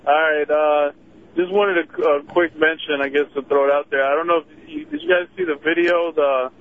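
A man's voice: fairly high pitch, lively intonation, normal speed, vocal fry, phone-quality sound. A man calling in to a radio show, laid-back and a bit hesitant. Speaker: caller.

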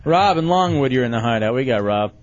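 A man's voice: medium pitch, fairly quick, slight background noise. A man hosting a call-in radio show, talking in a casual, argumentative way and cutting callers off. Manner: animated, argumentative, cuts callers off. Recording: dull, lo-fi radio broadcast audio.

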